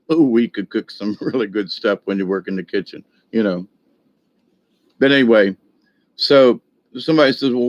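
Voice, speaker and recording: An older man spins a loose, folksy story in a rambling monologue, his voice sitting at an average pitch. The sound is dry and close, with no room echo. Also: muffled recording. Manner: folksy, rambling, many fillers and restarts. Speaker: video host.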